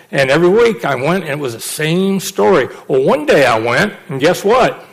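A man's voice: a little high, lively intonation, normal speed, low-quality recording. A middle-aged man preaching a sermon, emphatic and repeating phrases for stress.

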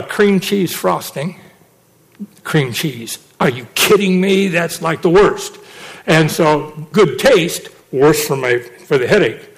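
A man's voice: high voice, creaky. A middle-aged man preaching a sermon, telling a personal testimony and acting out the people he quotes. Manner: animated storytelling, acts out quotes.

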